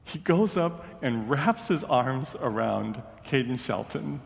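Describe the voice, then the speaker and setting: A man preaching a sermon, retelling a story in an earnest, measured way. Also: mid-range voice, lively intonation, gravelly, roomy sound, big-room sound. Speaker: pastor.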